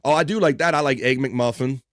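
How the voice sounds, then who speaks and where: A man hosts a relaxed live stream, rambling through viewer comments with loose jokes and casual swearing. His voice sits in a middle pitch. The sound is dry and close, with no room echo. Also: a little fast.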